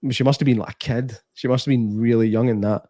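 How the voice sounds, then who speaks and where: A Scottish man talks films with a mate on a podcast, eager and rambling, quick to laugh. His voice sits in a middle pitch. The sound is dry and close. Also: steady tone, mellow, no echo. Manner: enthusiastic, rambling, laughs often. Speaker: podcast co-host. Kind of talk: casual film review chat.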